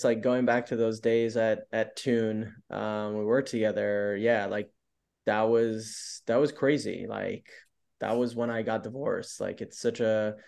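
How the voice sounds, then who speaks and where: A man's voice: medium pitch, creaky, darkish tone, smooth. A man telling stories as a podcast guest, upbeat and open, often using "like" as filler. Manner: upbeat, open storyteller who leans on "like" a lot. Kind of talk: casual interview chat.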